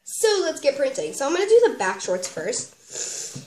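A woman's voice: high voice, wildly swooping pitch, normal speed, darkish tone. A young woman with a sniffly voice chats through a craft tutorial at her home desk, rambling with lots of fillers. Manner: bubbly, rambling with many "like" and "um". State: sniffly from a cold. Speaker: craft vlogger reviewing a kit. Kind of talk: casual chatty tutorial. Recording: echoey room, faint background noise.

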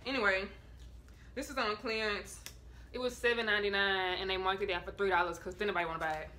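A woman's voice: medium pitch, fairly even intonation, quick pace, bright, forceful tone, a little hiss or hum. A woman vlogging a casual try-on haul from her bedroom, chatting in a slangy, offhand way to her viewers.

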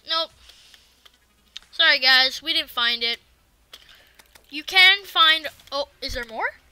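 A woman giving casual let's-play commentary, excitable and talking back to the game's enemies. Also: high voice. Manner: excitable, swears and talks to the game enemies. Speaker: gaming video creator.

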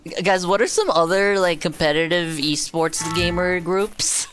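A woman's voice: on the low side, measured pace, faint music behind. A woman streaming a game, chatting casually to her viewers with profane jokes. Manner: profane, joking, talks to chat. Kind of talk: casual gaming commentary.

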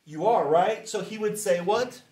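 A man teaching a class in a relaxed, chatty way, saying phrases slowly for students to repeat. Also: high voice, echoey room. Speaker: language teacher.

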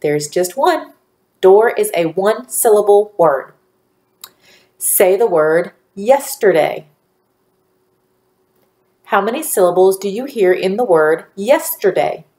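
A woman teacher giving a phonics lesson to young children, speaking slowly and clearly with encouraging praise. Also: medium pitch, lively intonation, mellow. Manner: slow, clearly enunciated, encouraging.

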